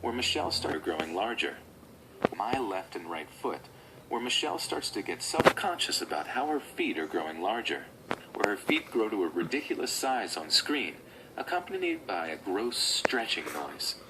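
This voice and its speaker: Low-voiced man narrating a video script. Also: big pitch swings, moderate pace, very noisy.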